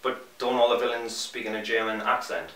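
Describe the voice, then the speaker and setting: A young Geordie man with a bright, forward voice reads gaming news with cheeky wisecracks and a streak of mock enthusiasm. The sound is echoey and roomy, caught from some distance off the mic. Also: mid-range voice, level tone, fairly quick. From North East England. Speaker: co-host of a gaming news show. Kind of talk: scripted comedic news reading.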